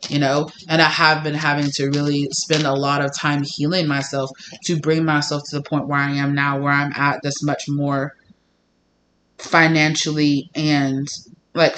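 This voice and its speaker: A man giving a casual tarot reading, talking in an animated way with lots of fillers and some swearing. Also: a little high, slight background noise. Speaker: tarot reader.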